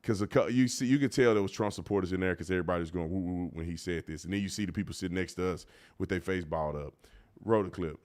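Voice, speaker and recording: Animated man hosting a live show. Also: low voice, fast talker. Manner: animated, colloquial, repeats words when worked up. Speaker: podcast host. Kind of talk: casual live-stream commentary.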